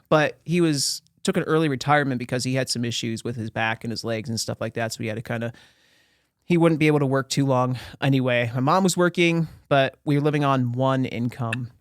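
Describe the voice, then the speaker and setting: A young man from Pennsylvania tells his story as a podcast guest, lively and slangy, hitting the table as he talks with his hands. His voice sits at an ordinary middle pitch and is recorded dry and close, with no room echo. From Pennsylvania, USA. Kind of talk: casual storytelling.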